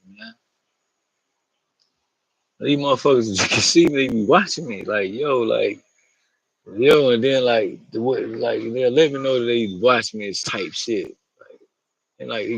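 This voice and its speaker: Gravelly-voiced man rambling on camera. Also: medium pitch, dry recording, poor audio. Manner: slangy, profane, meandering, laughs often. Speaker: vlogger. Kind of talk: rambling casual monologue.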